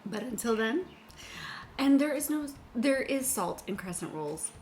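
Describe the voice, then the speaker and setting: A woman's voice: a little high, sing-song, measured pace, darkish tone, a little hiss or hum. A middle-aged woman hosting a baking podcast from her kitchen, chatting casually, giggling often and rambling with lots of fillers. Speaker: podcast host. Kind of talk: casual chat while baking.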